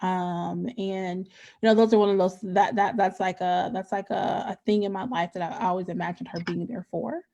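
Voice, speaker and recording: A woman's voice: mid-range voice, steady tone, normal speed, gravelly, dark tone. A woman guest talking candidly and casually, swearing freely and restarting her sentences with repeated words. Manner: frank, profane, repeats words as she restarts. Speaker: podcast guest.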